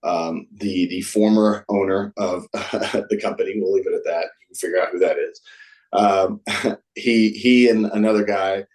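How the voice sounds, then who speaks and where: A man's voice: deep voice, steady tone, unhurried, a little mellow, low-quality recording. A man guest-hosting a podcast, casually telling stories and acting out what people said. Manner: recounts stories, acting out quoted dialogue. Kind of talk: casual storytelling.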